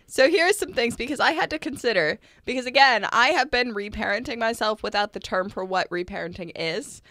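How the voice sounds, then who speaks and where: A woman co-hosting a podcast in casual conversation, earnest and animated, with many "like" fillers. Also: a little high, fairly quick, no room sound, studio quality. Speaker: podcast co-host.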